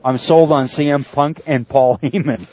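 A man's voice: mid-range voice, a little slow, warm tone, no echo. Dry lo-fi male podcast host. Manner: laughs often, stumbles over words. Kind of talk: casual podcast chat. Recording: dry, dull lo-fi mic.

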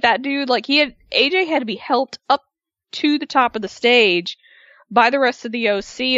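A woman co-hosting a casual wrestling recap, expressive and acting out quotes in high voices. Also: dry recording, dull audio. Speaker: podcast co-host.

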